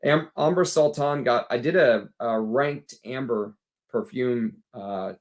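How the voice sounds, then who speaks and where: A man's voice: medium pitch, slow pace. A man with a Texas accent hosting a casual livestream, tired after a long workday, chatting bluntly and answering viewers' comments. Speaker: fragrance livestream host.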